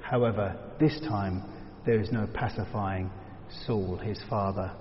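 A man's voice: on the low side, steady tone, measured pace, slight background noise. Man teaching scripture in a reverberant hall. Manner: reflective, drops to a hushed tone for emphasis. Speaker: Bible teacher. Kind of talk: verse-by-verse Bible teaching. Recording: dull reverberant hall sound.

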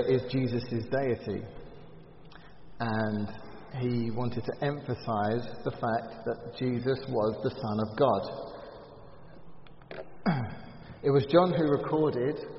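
A man's voice: medium pitch, a little hiss or hum. A man teaching a Bible study class in an earnest, emphatic way, with frequent ums and restarts. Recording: echoey hall, slightly dull sound.

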